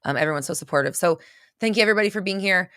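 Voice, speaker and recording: A woman's voice: fairly low pitch, racing, bright, forceful tone, smooth, no echo, clean studio sound. A woman hosting a livestream and answering viewer questions, blunt and intense, hammering points home with repetition. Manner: blunt, intense, repeats phrases for emphasis. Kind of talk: unscripted livestream talk.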